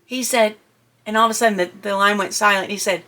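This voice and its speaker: A middle-aged woman telling a personal story in a chatty, animated way, with asides and fillers. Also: rapid-fire. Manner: animated, jumps high and shouts when quoting her own panic. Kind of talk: personal anecdote told to listeners.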